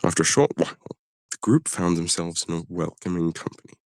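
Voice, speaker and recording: Breathless deep-voiced man reading aloud. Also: animated, fairly quick, dry recording. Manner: reads steadily, breaking off to cough and apologize. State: short of breath. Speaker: streamer reading a story aloud. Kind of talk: reading a story aloud on a live stream.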